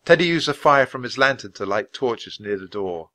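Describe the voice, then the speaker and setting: A man reading a children's chapter book aloud at a natural, clear pace. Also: mid-range voice, expressive, moderate pace, sharp tone. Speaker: storybook reader.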